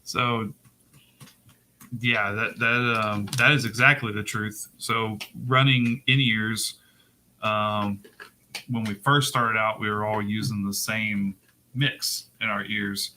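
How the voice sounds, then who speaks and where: Bright low-voiced man explaining slowly. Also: level tone, slight background noise, poor audio. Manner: unhurried, explaining with many fillers. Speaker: bass player in a band. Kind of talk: casual podcast chat.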